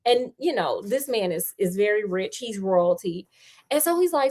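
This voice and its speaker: A woman's voice: medium pitch, lively intonation, moderate pace, a little mellow. A woman casually retelling a detective story in a chatty, slangy, playful way.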